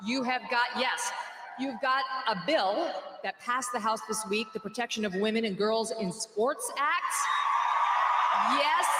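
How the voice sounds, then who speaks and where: A woman giving a sarcastic, mocking political rally speech in a large hall. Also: a little high. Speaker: rally speaker. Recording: echoey hall, faint background noise.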